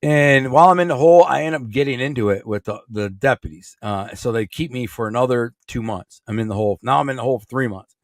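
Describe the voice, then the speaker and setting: A man's voice: medium pitch, quick pace, no echo, studio quality. A middle-aged man from Michigan with a Michigan accent, telling a rambling story in blunt, streetwise words as a podcast guest. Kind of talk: casual storytelling.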